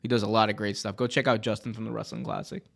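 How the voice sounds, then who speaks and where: Excitable, slangy male podcast host. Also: fairly low pitch, racing, gravelly. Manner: excitable, jokey, lots of slang and reactions. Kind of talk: casual livestream commentary.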